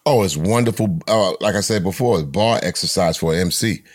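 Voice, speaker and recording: A man's voice: low-pitched, a little fast, no room sound, studio quality. A middle-aged man, a veteran rapper as guest, talking in an emphatic storytelling way with many restarts. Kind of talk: casual conversation.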